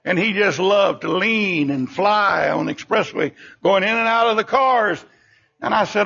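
An older man preaching a sermon with fervent emphasis, his voice leaping up and sinking low between phrases. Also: unhurried, gravelly, sharp tone, slightly rough. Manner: fervent preaching, sudden rises and drops in pitch and volume. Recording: dull lo-fi recording.

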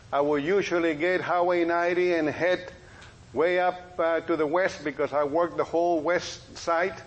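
High-voiced man preaching a folksy testimony. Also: lo-fi sound. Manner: folksy storytelling with lively quoted dialogue. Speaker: preacher and police officer. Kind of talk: testimony sermon.

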